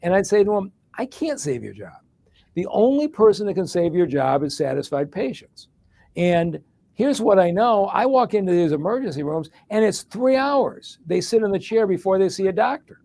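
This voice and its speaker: A man's voice: high-pitched, animated, normal speed, creaky, dark tone, no room sound. A middle-aged man from Detroit answering an interview question in a long, plain-spoken story. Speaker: guest, former hospital executive and mayor.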